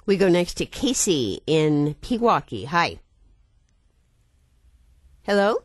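A woman hosts a call-in show from a radio studio, speaking in a gracious, measured way. Her voice is low for a woman. The sound is close and dry. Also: big pitch swings, no echo.

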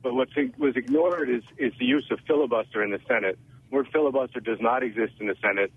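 A man calling in to a radio show over the phone, making an earnest, somewhat halting point. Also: mid-range voice, husky, dry recording. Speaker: caller. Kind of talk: phone-in caller. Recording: tinny phone line.

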